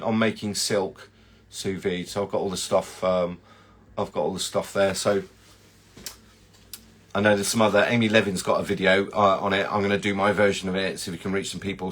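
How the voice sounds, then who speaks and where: A man's voice: on the low side, fairly bright tone. A man, a chocolatier hosting a casual live chat and rambling through viewer comments.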